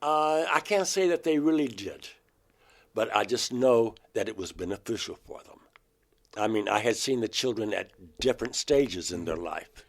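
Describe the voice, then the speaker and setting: An older man from Georgia speaks as an interview guest with a low voice. He tells his story earnestly and acts out remembered dialogue. His delivery breaks into sudden loud outbursts. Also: expressive, normal speed. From Georgia, USA. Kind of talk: recounting personal experiences in an interview.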